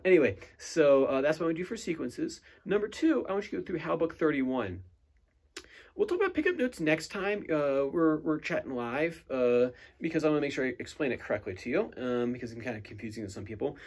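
A man giving a guitar student recorded feedback in a relaxed way, with many fillers, counting picking strokes aloud and humming rhythms. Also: fairly high pitch. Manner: hums and scats rhythms while demonstrating. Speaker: guitar teacher. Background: guitar playing between phrases.

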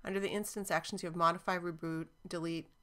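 A woman's voice: lowish voice, fairly even intonation, fast, a bit bright. A woman teaching cloud databases in a chatty, enthusiastic screen-recorded walkthrough, with frequent ums.

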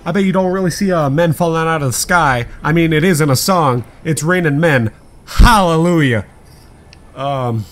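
A man doing excitable let's play commentary, rambling and swearing often. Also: medium pitch, a little hiss or hum. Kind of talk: gameplay commentary.

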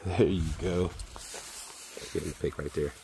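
A man vlogging outdoors at a beach spot while walking his dog, calling to it in high, loud bursts and dropping to low asides. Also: fairly even intonation, unhurried, slight background noise. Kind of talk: casual vlog chatter.

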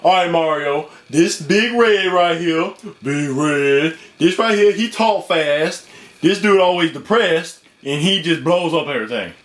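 A laid-back male cartoon dinosaur talks in lazy street slang, calling everyone folks, as a man voices him. His voice sits high, and he drawls through the puppet skit. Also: animated, unhurried.

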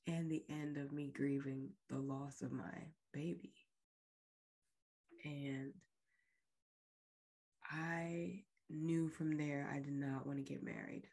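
A woman with a low voice speaks slowly and deliberately as she recounts a personal story. Her telling is frank and emotional, with a podcast host's direct address. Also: a little mellow. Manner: slow, emotional, frank retelling. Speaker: podcast host.

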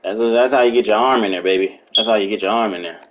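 A young man giving casual, excitable commentary while playing a video game, trash-talking, laughing and yelping often. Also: fairly low pitch, fast, a little hiss or hum. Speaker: gameplay streamer.

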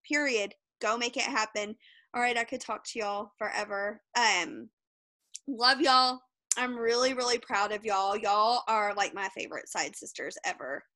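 A woman's voice: fairly high pitch, pushed and bright, dry recording, poor audio. A woman giving a blunt, fired-up motivational pep talk on a video call, swearing freely. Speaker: guest speaker.

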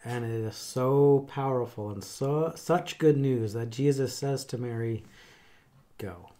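A middle-aged man who works as a chaplain, talking in a thoughtful, halting way with many pauses and fillers. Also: medium pitch, dark tone. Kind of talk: casual conversation.

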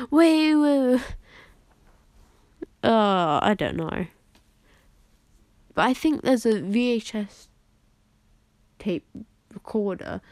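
A young woman streaming a game, chatting in a rambling, excitable way and giggling often. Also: mid-range voice, creaky, dry recording. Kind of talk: casual live-stream chat.

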